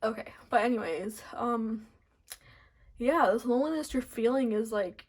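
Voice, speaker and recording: A woman giving a casual pick-a-card tarot reading, soft and rambling with many fillers, teary and choked up. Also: on the high side, normal speed, slightly rough. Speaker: tarot reader.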